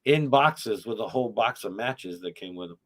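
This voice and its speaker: A man's voice: lowish voice, expressive, normal speed, fairly bright tone. A middle-aged man hosting a casual podcast chat, telling rambling, profane, wry stories about his YouTube channel.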